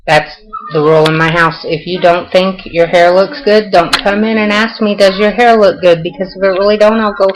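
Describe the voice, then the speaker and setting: A woman's voice: lowish voice, level tone, fairly quick, rough recording. An older woman with a Southern US accent, chatting casually and answering questions in a home vlog, folksy and self-deprecating. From Southern United States. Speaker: vlogger.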